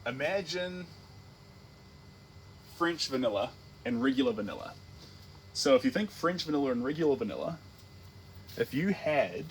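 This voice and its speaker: Kiwi male artist, casual and rambling, mid-pitched, faint hiss behind. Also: low-quality recording. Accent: New Zealand. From New Zealand. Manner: rambling, playful, full of restarts and tangents. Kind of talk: casual livestream chat while painting.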